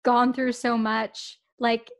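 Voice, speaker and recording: Speaking slowly with vocal fry and little pitch movement, a young woman in her 20s co-hosts a podcast. Her voice sits on the high side, and her casual chat is both earnest and giggly.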